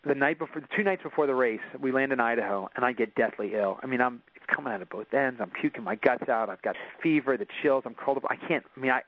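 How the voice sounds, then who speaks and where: A man's voice: mid-range voice, fast, few pauses. A man as an interview guest, telling a personal story in earnest with frequent restarts. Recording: dull dry recording.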